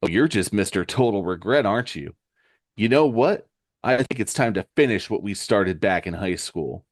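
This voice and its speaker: Sarcastic young superhero guy, a man reading him out, low-ish, dry close sound. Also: lively intonation, normal speed, no echo. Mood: taunting. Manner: taunting, sarcastic. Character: cocky young male fire-powered hero.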